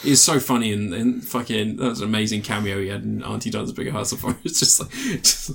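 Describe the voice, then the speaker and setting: A man's voice: mid-range voice, a little fast, gravelly, hardly any pauses, fairly bright tone, husky. A man, co-hosting a casual podcast chat, who laughs often and acts out silly voices. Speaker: podcast co-host.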